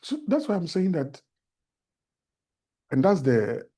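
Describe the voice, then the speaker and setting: A Ghanaian man speaks as a talk-show guest, turning his stories into earnest preaching about faith. His voice is mellow and soft, with a slight husk to it. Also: fairly high pitch, huge pitch swings, takes it slowly, husky.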